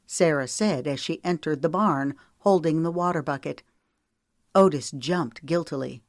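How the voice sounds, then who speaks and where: A woman narrating an audiobook with a steady, measured reading. Her voice is low. It is recorded on a close mic with a dry sound. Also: dry recording.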